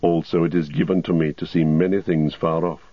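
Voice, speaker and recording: A man's voice: low-pitched, brisk, dry recording. A man as a stern old wizard. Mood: grave. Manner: calm, authoritative. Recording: dull lo-fi recording.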